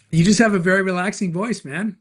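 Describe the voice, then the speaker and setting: A man's voice: high-pitched, fairly bright tone, slightly rough. A middle-aged man hosting a live stream, answering viewer questions in an upbeat, joking way. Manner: upbeat, jokey, quick replies to chat. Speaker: livestream host and car dealer.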